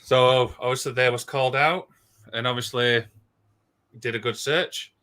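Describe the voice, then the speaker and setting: Bright, rushed man telling eerie stories. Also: mid-range voice, clear, resonant tone. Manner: excitable, rushed, with many restarts and "obviously". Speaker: podcast co-host. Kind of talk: casual storytelling chat.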